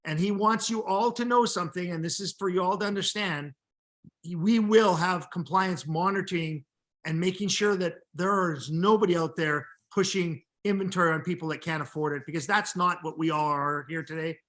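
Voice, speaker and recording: A man's voice: high-pitched, moderate pace, fairly bright tone. A man hosting a live video call, explaining company rules steadily and point by point. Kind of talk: explanatory business talk.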